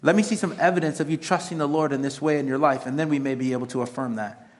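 A middle-aged man preaching a sermon in a noticeably high voice. He talks like a pastor chatting with his congregation, slipping from self-deprecating jokes into earnest exhortation. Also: fast talker. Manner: conversational, self-mocking humor mixed with earnest exhortation. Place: church sanctuary.

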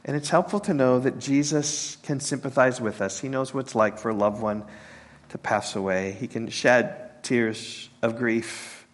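A man preaching a sermon as a pastor, halting and repeating words, sinking to a soft hush on tender points. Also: medium pitch, fairly even intonation.

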